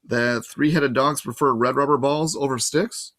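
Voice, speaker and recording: A man's voice: mid-range voice, fairly even intonation, normal speed, fairly bright tone, no room sound, lightly acted. Storybook boy of twelve, wary and earnest, voiced by a man. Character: wary twelve-year-old boy hero.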